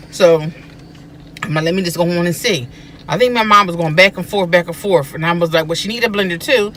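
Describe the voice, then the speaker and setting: A woman recounts family memories in a casual chat from inside a car. She is animated, often acting out what she and others said. Faint vehicle noise runs behind her. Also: on the low side. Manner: animated, acts out quoted speech. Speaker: guest, host's sister.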